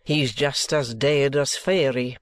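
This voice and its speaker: A man doing a gruff Scottish doctor. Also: mid-range voice, steady tone, slow, no room sound, close to an everyday voice. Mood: blunt. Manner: gruff broad brogue. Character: testy male Scottish country doctor, blunt.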